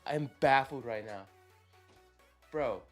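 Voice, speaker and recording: A man streaming live as he works, excitable and swearing, exclaiming in disbelief between quick technical explanations. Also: mid-range voice, soft background music. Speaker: automation agency founder streaming live. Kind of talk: live-stream coding reaction.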